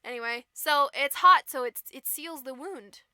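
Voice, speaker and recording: A woman co-hosting a podcast, retelling a fairy tale casually with profanity and quick character voices. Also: high-pitched, pushed and bright, no echo, studio quality. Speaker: podcast co-host. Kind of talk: casual comedic storytelling.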